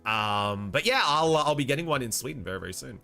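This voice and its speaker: A man's voice: mid-range voice, animated, fast talker, creaky, bright, forceful tone, faint music behind. A young Australian man with an Australian accent, chatting casually on a livestream, rambling and reading out chat messages. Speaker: streamer.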